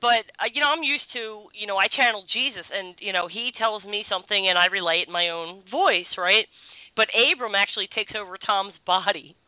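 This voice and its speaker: A woman's voice: medium pitch, brisk, no echo. A woman hosting a call-in radio show as a psychic, chatty and reassuring. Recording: tinny phone-line radio sound.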